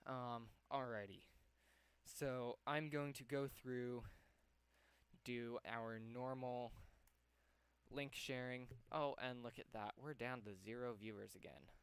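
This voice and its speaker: A man's voice: medium pitch, steady tone, slow pace, smooth, no room sound. A young man live-streaming from home, slightly out of breath, rambling with lots of ums as he works. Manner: rambling, lots of ums, talks to himself while working. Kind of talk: casual live-stream chat.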